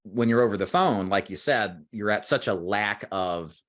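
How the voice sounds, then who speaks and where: A man with a low, deep voice hosts a sales-training interview over a video call. He talks in long explanatory stretches and turns to address the viewers directly. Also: normal speed, fairly bright tone. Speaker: host and agency owner. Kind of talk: interview for a recruiting livestream.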